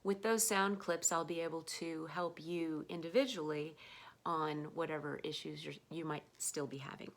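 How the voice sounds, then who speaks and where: An American woman giving an online pronunciation lesson, speaking slowly and patiently, repeating words for learners to copy. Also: low voice, fairly even intonation. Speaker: English pronunciation teacher.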